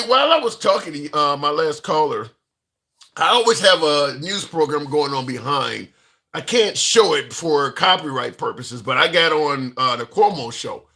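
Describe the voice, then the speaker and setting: A man's voice: on the high side, pushed and bright. A man hosting a political call-in livestream, reacting to chat messages and repeating his points for emphasis. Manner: talks back to chat and callers, restarts and emphatic repeats. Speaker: call-in show host. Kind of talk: casual political commentary.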